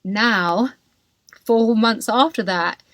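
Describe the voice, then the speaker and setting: A woman's voice: a little high, very slow, a bit bright, no room sound. A woman, hosting a podcast and telling her own story candidly and emotionally, full of "like" and "you know". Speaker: podcast host. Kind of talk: personal storytelling.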